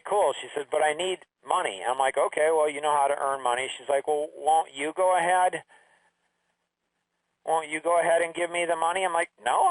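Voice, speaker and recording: A man's voice: a little high, fairly bright tone, no echo, recorded from a distance, low-quality recording. Chatty middle-aged man telling a family story. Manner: chatty, acts out quoted family dialogue. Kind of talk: casual storytelling monologue.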